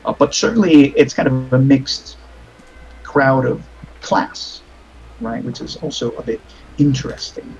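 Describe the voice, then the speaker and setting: A man's voice: medium pitch, unhurried, a little mellow, dull audio. A man narrating as game master of a tabletop game over a voice call, rambling with many fillers and restarts.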